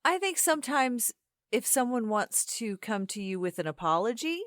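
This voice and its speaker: A middle-aged woman co-hosting a casual podcast, blunt and opinionated with quick wisecracks. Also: fairly high pitch, big pitch swings, fairly bright tone, no room sound, studio quality. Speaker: podcast co-host.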